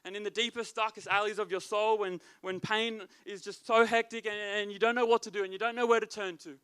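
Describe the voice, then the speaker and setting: A man's voice: high voice, little pitch movement, fairly quick, a bit bright, clear, resonant tone. A man preaching as youth leader, with emphatic, repetitive delivery. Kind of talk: sermon.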